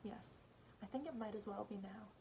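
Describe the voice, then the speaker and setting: A woman's voice: mid-range voice, dark tone, a little hiss or hum, natural voice, poor audio. Woman reading as a cold alien overlord. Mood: condescending. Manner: smooth, condescending, measured. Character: cold alien leader with red eyes, male.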